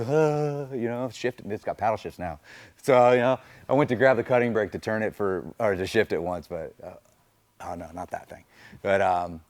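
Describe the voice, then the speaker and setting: A middle-aged man with a low, gravelly voice, a race car driver talking through his stories in relaxed conversation. He rambles easily and leans on "you know" at every turn. The sound is close and dry. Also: dry recording. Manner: loose and chatty, full of "you know" fillers. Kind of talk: casual storytelling interview.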